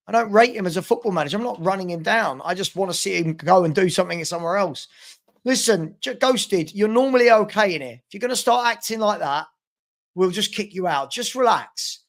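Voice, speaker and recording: Gravelly London man hosting live football chat. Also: high voice, expressive, brisk, fairly bright tone. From South London. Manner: blunt, repetitive, scolding chat commenters. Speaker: live show host.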